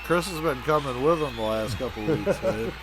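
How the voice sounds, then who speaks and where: A man's voice: mid-range voice, moderate pace, a loud crowd. A man co-hosting a podcast, telling a crude, rambling comedic story full of profanity and acted-out voices. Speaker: podcast co-host.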